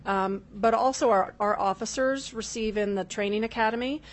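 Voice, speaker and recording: A woman official giving formal testimony at a legislative hearing, measured and full of filler ums, addressing the chair. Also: medium pitch. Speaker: state corrections official testifying.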